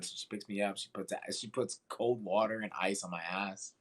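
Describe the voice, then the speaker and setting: Co-hosting a laid-back podcast, a man with a mid-range voice tells a story at a moderate pace with few pauses. He swears a lot and animatedly performs the characters' voices; the recording is low quality with slight background noise.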